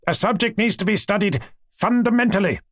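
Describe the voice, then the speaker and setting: A man's voice: high voice, lively intonation, a little fast, a bit bright, no room sound, studio quality, voice pushed up. A man voicing a stern, pompous male professor who scolds in a clipped, condescending way. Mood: scolding.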